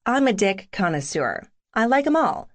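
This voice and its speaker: A woman doing brash friend Lou, high and pushy. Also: sing-song, moderate pace, natural voice. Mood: teasing. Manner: pushy, crude, teasing.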